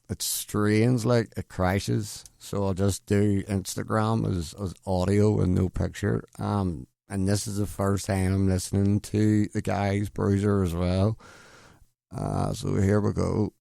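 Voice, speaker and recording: A man's voice: fairly low pitch, gravelly, warm tone, no echo, clean studio sound. A man hosting a late-night radio show in casual chat, rambling and self-deprecating, stumbling over names. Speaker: radio host. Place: radio studio.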